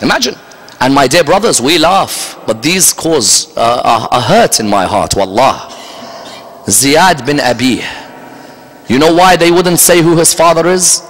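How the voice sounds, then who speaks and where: A man preaches in a bright, forceful voice that sits a little high for a man. He is emphatic and keeps tossing rhetorical questions at his listeners. The sound rings with the long reverb of a large hall. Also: animated, a little slow. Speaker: religious lecturer. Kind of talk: Muharram majlis sermon. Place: large religious center hall. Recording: echoey hall.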